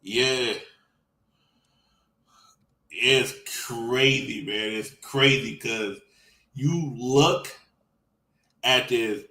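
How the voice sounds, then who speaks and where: A man's voice: medium pitch, very slow, long pauses, reverberant, rough recording. A man co-hosting a casual esports podcast, swearing a lot and acting out quotes as he tells stories. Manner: profane, animated storytelling with put-on quotes. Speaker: podcast co-host.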